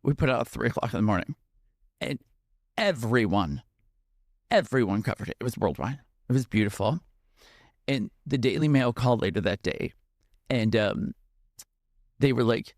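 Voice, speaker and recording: A man speaking as a podcast guest, emotional and close to tears as he tells his story. His voice sits at a middle pitch and sounds dry and close to the mic, and his talk is full of fillers and restarts. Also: animated, normal speed, pauses often, no echo. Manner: tearful, heartfelt, with many fillers.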